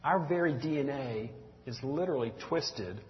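A man's voice: mid-range voice, expressive, moderate pace. A middle-aged man with a Southern US accent, from Mississippi, teaching a church group in a folksy, earnest, conversational sermon and calling listeners y'all. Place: church room with audience. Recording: dull lo-fi recording in echoey hall.

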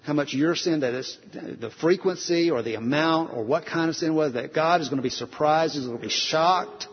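A man's voice: fairly high pitch, moderate pace, husky. A male pastor preaching a conversational sermon, earnest, repeating phrases and restarting sentences, with many rhetorical questions. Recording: dull lo-fi sound with long hall reverb.

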